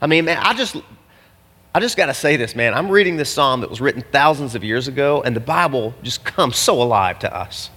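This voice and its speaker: A man preaching a sermon as pastor, talking to his congregation in a casual, animated way with slangy asides. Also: medium pitch, fairly quick, husky, long reverb tail. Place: church hall with an audience.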